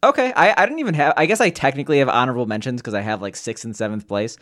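A young man chatting casually on a podcast, his voice sitting at an ordinary middle pitch. He rambles through his thoughts, stopping and restarting as he goes. His delivery swings between excited bursts and quieter asides. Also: racing. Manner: rambling, animated, frequent restarts and fillers. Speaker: podcast co-host. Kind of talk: casual chat.

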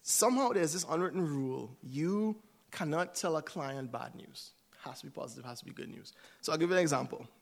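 A man giving a sermon in a conversational way, often checking in with "right?". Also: fairly high pitch. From United States. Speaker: church speaker.

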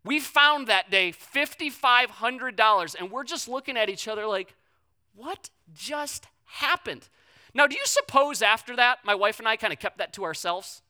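A young man preaching, a pastor telling a personal story in a blunt, animated way. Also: very high-pitched, normal speed, few pauses, smooth.

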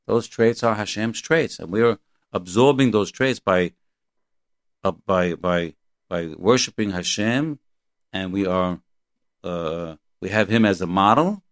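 A man teaching a Torah class, quoting Hebrew verses and translating them, in a halting, repetitive but earnest and emphatic way. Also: low-pitched, no room sound, studio quality.

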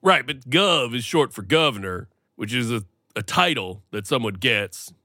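A man co-hosting a podcast, teasing his partner in a mock-formal, deadpan way. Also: medium pitch, normal speed, dry recording, clean studio sound. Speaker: podcast co-host. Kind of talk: casual comedic chat.

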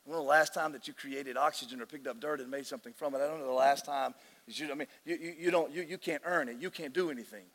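A man preaching a sermon as pastor, emotional and excitable, often restarting his sentences. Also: medium pitch, fast talker. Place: large church hall. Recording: long hall reverb.

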